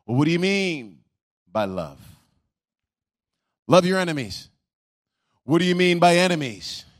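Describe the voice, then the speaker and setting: A man's voice: fairly high pitch, very animated, moderate pace. Man preaching with a sung cadence. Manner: humorous asides, repeats key words for emphasis. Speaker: pastor. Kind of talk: sermon.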